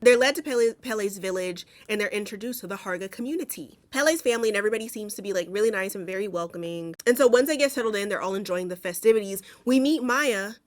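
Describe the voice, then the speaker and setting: A woman's voice: medium pitch, fast talker, hardly any pauses. A young woman recapping a movie in casual, blunt, profane commentary with plenty of sass.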